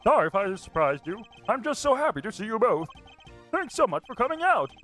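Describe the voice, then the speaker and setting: A grateful young defendant , played by a man, rushes his thanks in a raised voice. He sounds earnest and eager. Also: high-pitched, sing-song, fairly bright tone, soft background music, pitched above the performer's own voice.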